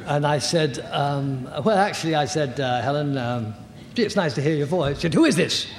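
An older man in his sixties giving personal testimony as a recovery meeting speaker, halting, candid and self-deprecating. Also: on the high side, crowd noise. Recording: echoey hall with faint noise.

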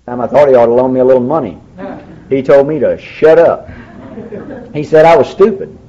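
Man, middle pitch, folksy recovery speaker with dry wit, muffled lo-fi tape with light hiss. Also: a little fast, dark tone. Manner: folksy storyteller, dry humor. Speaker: AA speaker sharing his story. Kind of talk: recovery meeting talk. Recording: dull lo-fi recording, faint background.

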